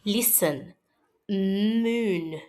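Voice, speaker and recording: Using a medium-pitched, slightly mellow voice, a woman teaches a scripted phonics lesson to young children. She models each sound slowly and clearly so they can repeat it.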